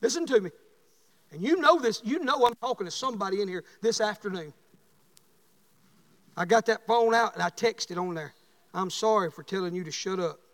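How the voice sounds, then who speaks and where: A middle-aged man preaching a sermon, telling folksy stories and climbing into fervent shouts. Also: high-pitched, lively intonation, moderate pace, pauses often, long reverb tail. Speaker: pastor.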